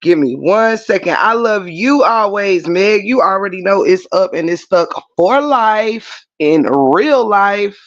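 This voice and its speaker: Slow, gravelly livestream host. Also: mid-range voice, lively intonation, dull audio. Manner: affectionate, greets and shouts out viewers by name. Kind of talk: casual live chat with viewers.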